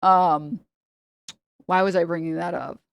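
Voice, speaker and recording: A woman's voice: on the low side, steady tone, measured pace, creaky, smooth, dry recording, highs cut off. A woman livestreamer chatting casually to her chat, rambling and swearing, often laughing and mocking her critics.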